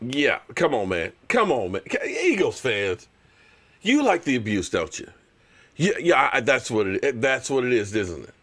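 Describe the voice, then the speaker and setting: A man hosting a live fan stream, ranting in an animated, sarcastic way with lots of repeated phrases. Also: medium pitch, unhurried. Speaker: sports channel host.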